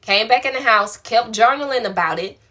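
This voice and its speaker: Woman, spiritual coach, bright voice, warm slangy encouragement on a live stream. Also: a little high, moderate pace. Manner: affectionate, colloquial, encouraging. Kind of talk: live-stream answering viewer questions.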